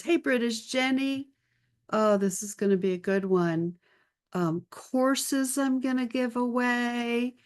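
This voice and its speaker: A woman hosting a live video-call session as an art career mentor, chatting upbeat with viewers and greeting them by name. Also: fairly high pitch. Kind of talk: live-stream chat with viewers.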